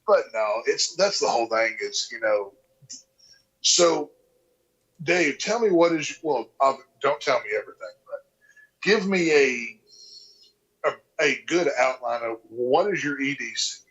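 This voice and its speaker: A man's voice: mid-range voice, animated, measured pace, long pauses, fairly bright tone. A man hosting a casual podcast, teasing his guest with crude jokes and easy banter. The audio is dull and lo-fi, with the top end rolled off. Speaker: podcast host.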